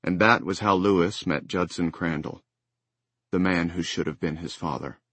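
A man reading a novel aloud as an audiobook narrator, measured and even. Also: deep voice, husky, dry recording. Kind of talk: scripted narration. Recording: dry close studio sound.

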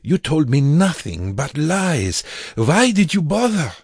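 A man playing a horrified prisoner lashing out with harsh, bitter accusation. His voice rises well above the narrator's low register and carries a strained, husky edge. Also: very animated, slow, darkish tone, no echo, clean studio sound, heavily acted. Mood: accusing.

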